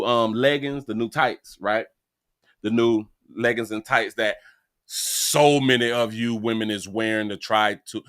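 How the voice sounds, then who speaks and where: A man hosting a live stream, ranting animatedly with frequent laughs, repeated words and loud high outbursts. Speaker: live-stream show host. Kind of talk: live-stream commentary rant.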